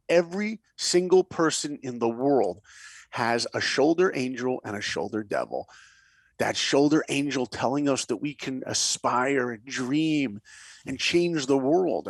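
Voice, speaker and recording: A man spins animated stories as an interview guest, his voice gravelly and swinging widely in pitch. He acts out the people in his anecdotes and sometimes drops to a whisper to drive a point home. The sound is dry and close. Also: no echo. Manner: lively storyteller, acts out quotes, drops to a whisper for emphasis. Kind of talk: animated storytelling in a podcast interview.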